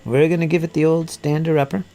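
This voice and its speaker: A man's voice: fairly high pitch, fairly even intonation, quick pace, dark tone, faint music behind. A man hosting a casual live hobby chat while he crafts, rambling and joking and often laughing at himself. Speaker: hobby channel host.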